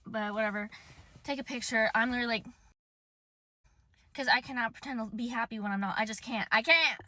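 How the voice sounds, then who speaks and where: A young woman tells a casual storytime with lively, dramatic emphasis. Her voice is bright and a little high. The sound is dry and close, with no room echo. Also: a little fast. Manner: animated, dramatic retelling.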